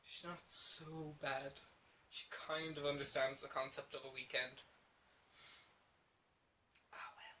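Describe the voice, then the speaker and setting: A man's voice: medium pitch, little pitch movement, slow, pauses often, sharp tone, slight background noise. A man with a Dublin Irish accent, chatting casually to camera at home in a rambling, self-deprecating way. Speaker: vlogger.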